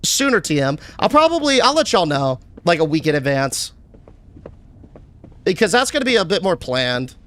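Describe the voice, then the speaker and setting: A young man streaming a game live, chatting casually and answering his chat with shout-outs. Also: a little high, big pitch swings, moderate pace.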